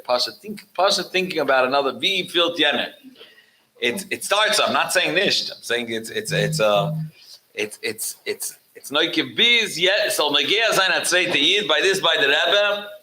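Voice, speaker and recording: A man's voice: mid-range voice, rough recording. A man speaking as guest rabbi at a religious gathering, telling stories with frequent restarts and Yiddish and Hebrew words mixed in. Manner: animated storyteller, mixing in Yiddish and Hebrew words. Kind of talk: storytelling talk at a religious gathering.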